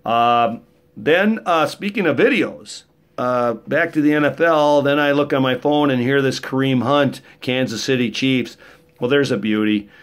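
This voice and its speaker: Speaking a little slowly in a medium pitch, a middle-aged male vlogger tells stories in a casual monologue. His delivery rambles, jokes, and has a rough edge to it.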